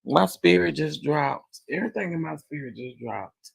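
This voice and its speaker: A man, hosting a casual commentary chat, animated and dramatic as he talks to his viewers. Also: a little high, moderate pace, creaky, husky, dry recording, poor audio. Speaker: commentary channel host.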